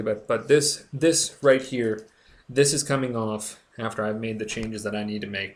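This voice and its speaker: A young man talking earnestly to camera in a personal vlog, stumbling and restarting often as he speaks with emotion. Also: lowish voice. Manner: earnest, halting, with frequent restarts. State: recovering, emotional. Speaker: blogger. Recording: echoey room.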